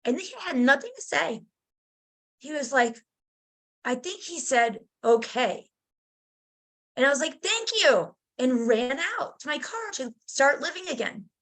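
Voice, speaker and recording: Middle-aged woman guest, somewhat high voice, chatty and animated storyteller. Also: moderate pace. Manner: animated, acts out voices in her stories. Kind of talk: casual storytelling.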